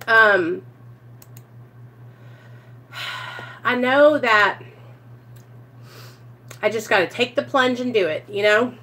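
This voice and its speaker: A woman's voice: a little high, slow, pauses often, pushed and bright. Teary, heartfelt woman vlogging. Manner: emotional, teary, sighing often, talks straight to viewers. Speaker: vlogger sharing her recovery story. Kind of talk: casual confessional vlog. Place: at home.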